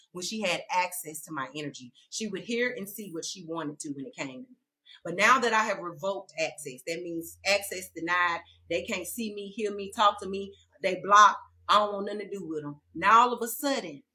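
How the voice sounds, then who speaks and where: A woman's voice: medium pitch, sharp tone. A woman telling a personal story in a casual, emphatic vlog and addressing viewers as y'all. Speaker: vlogger.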